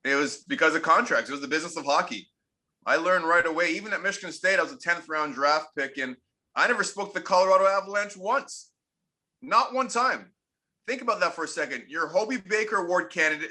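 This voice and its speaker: Bright, high-voiced man telling stories. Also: fast. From Canada. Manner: emphatic, repeats points for effect. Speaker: interview guest, former pro hockey player. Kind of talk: candid interview storytelling.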